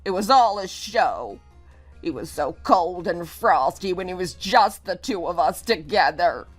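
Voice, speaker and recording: Bitter drunk older widow, read by a woman; weary and resentful, lively pitch.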